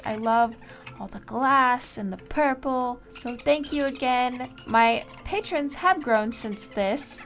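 A woman hosting a game series, giving chatty, casual gameplay commentary and talking playfully to the animals in the game. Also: on the high side. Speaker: Minecraft series host.

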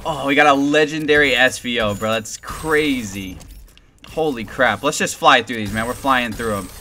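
Young guy yelling and rambling while opening game loot, bright forceful voice, bit of hiss behind. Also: medium pitch, normal speed. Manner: hyped, rambling, shouts and laughs at rare drops. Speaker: gaming YouTuber. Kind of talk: excited gameplay commentary.

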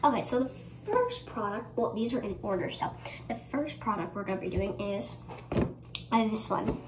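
A woman's voice: mid-range voice, lively intonation, normal speed. A young woman chatting casually in a get-ready-with-me vlog, rambling with lots of fillers and giggles. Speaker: vlogger. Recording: echoey room with ambient noise.

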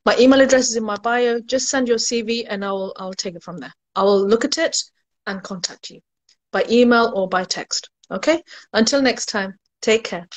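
A woman's voice: a little high, moderate pace. A woman education recruiter chatting casually on a live stream, laughing at her own jokes and answering viewers' questions.

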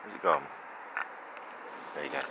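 A man, narrating a casual vlog outdoors in the rain while feeding pigeons, chatting fondly and laughing often as he calls the birds over. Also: normal speed. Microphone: handheld camera. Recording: outdoor camera audio with street noise.

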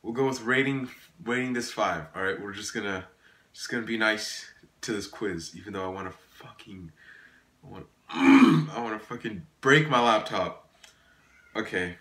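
A man's voice: on the low side, moderate pace, a bit bright, echoey room. A man giving casual gameplay commentary, exasperated, swearing often and laughing at himself. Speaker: gaming YouTuber.

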